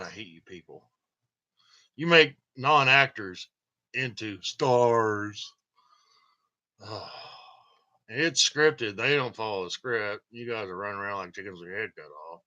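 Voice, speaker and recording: A man's voice: lowish voice, sharp tone, dull audio. Joking man rambling on a stream. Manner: joking, rambling, laughs often. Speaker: channel host. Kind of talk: casual rambling livestream monologue.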